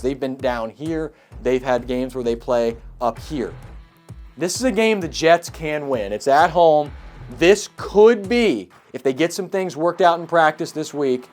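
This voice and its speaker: A man hosting his own sports show, breaking down upcoming games in an energetic, emphatic way and repeating key points. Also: mid-range voice. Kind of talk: sports preview talk.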